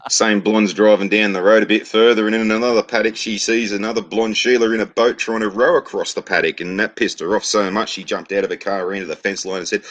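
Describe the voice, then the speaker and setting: A man's voice: lowish voice, fairly even intonation, fast, few pauses, a bit bright. An Australian man telling crude jokes and stories in a casual chat, with a laid-back, profane way of talking full of slang.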